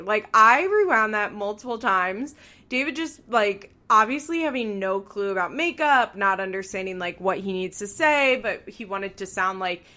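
A woman's voice: mid-range voice, expressive, normal speed, bright, forceful tone. A young woman hosting a podcast, recapping a show in heated, profane rants. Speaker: podcast host.

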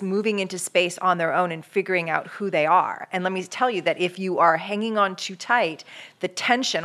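A woman's voice: on the low side, sharp tone. A woman co-hosting a parenting podcast, explaining her views in a thoughtful casual chat. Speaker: podcast co-host, parenting expert.

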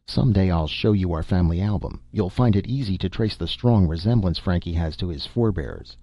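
Man voicing a gloomy bitter dad, deep husky voice, impatient, kinda dull recording. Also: moderate pace, dry recording. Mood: brooding. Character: gloomy, brooding middle-aged father.

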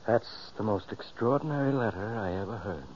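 Male actor as a lowish-voiced doctor, inquisitive, lo-fi old radio. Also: expressive, moderate pace, a little mellow, slight background noise, close to an everyday voice. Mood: amazed. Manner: amazed, questioning. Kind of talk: 1940s radio acting. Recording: dull lo-fi 1940s radio recording.

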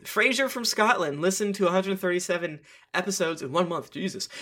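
Bright, high-ish male podcast host. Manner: playful, reads reviews with jokey asides. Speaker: podcast host reading listener reviews. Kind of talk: casual podcast banter and reading aloud.

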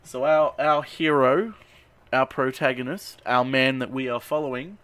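Animated man recapping a film, dry sound. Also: mid-range voice, measured pace, clear, resonant tone, no echo. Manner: animated, swears freely, rambling asides. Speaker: podcast co-host recapping a film. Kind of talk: casual chat.

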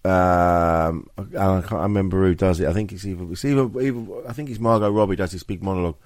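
A man's voice: low voice, fast talker, a little mellow, no room sound, studio quality. A man co-hosting a podcast, easygoing and agreeable, telling anecdotes in casual chat. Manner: easygoing, agreeable, laughs along. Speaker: podcast co-host.

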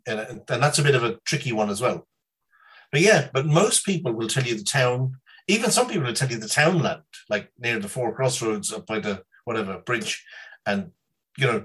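Husky man, rambling chat. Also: lowish voice, animated, normal speed, a bit bright, low-quality recording. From Northern Ireland. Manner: rambling, laughs a lot, swears. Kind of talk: casual chat.

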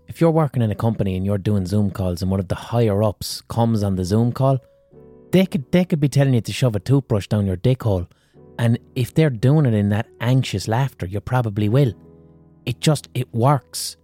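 An Irish man rambles through a profane comic monologue as a podcast host. His voice is low and mellow, with a relaxed warmth to it. He builds jokes with loose asides and blunt swearing. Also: fairly quick, no room sound, faint music behind.

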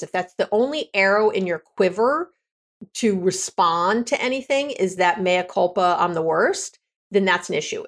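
A woman relationship coach talking candidly on a podcast, conversational and quick to correct herself. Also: medium pitch. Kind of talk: podcast monologue.

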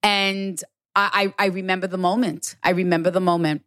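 A woman's voice: on the low side, little pitch movement, moderate pace, fairly bright tone, dry recording, studio quality. A middle-aged woman working as a medium, telling stories in a casual podcast conversation. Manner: storytelling, relays messages from the dead. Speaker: guest, medium.

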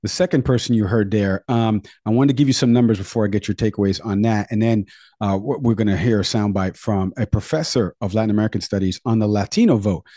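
A man's voice: lowish voice, fast, warm tone, no echo, studio quality. A man hosting a political talk show, going through poll numbers in a conversational way. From Florida. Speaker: host.

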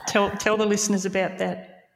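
A woman hosts a podcast interview and keeps her guest going with frequent small affirmations. Her voice has a gravelly fry, and a long reverb trails behind it. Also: mid-range voice, flat delivery, brisk, slight background noise. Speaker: podcast host. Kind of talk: interview conversation.

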